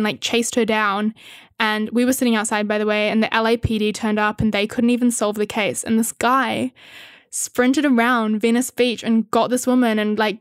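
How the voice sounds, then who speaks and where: A woman's voice: a little high, clean tone, no echo, clean studio sound. A young woman chatting candidly with viewers, swearing freely and laughing often. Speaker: content creator answering viewer questions. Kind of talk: casual chat with viewers.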